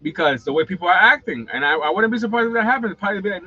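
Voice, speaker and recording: A man's voice: high voice, animated, rapid-fire, sharp tone, lo-fi sound. A man, hosting a casual livestream, rambling and blunt with lots of slang and swearing. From New York. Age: 40s. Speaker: livestream host.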